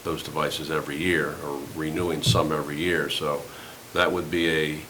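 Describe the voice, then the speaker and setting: Man, town official, very deep voice, measured, faint hiss. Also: flat delivery, bright, forceful tone, rough recording. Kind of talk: budget explanation at a meeting.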